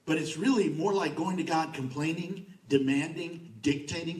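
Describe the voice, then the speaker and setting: A male pastor delivers a sermon in a conversational but emphatic manner, often repeating a word for stress. His voice sits high for a man. He was recorded from a distance in a church sanctuary with plenty of echo. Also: normal speed, darkish tone.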